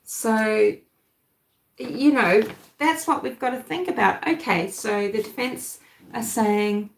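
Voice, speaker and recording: A woman from New Zealand with a softened New Zealand accent, hosting a casual true-crime livestream and chatting with viewers. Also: on the high side, takes it slowly, gravelly, reverberant, rough recording. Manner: chatty, thinks aloud, answers live chat. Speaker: livestream host.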